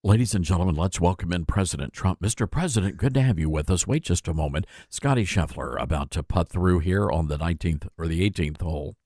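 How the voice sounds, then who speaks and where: A man voicing a hushed male golf announcer in a whispered role-play, with low, mock-solemn commentary. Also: expressive, fast talker, few pauses, dry recording, clean studio sound.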